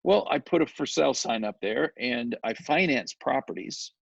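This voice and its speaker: Gravelly, chatty man telling a story. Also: medium pitch, moderate pace, no room sound. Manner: animated, chatty, often asks "right?". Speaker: guest, real estate developer. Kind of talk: casual storytelling interview. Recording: dull lo-fi recording, dry.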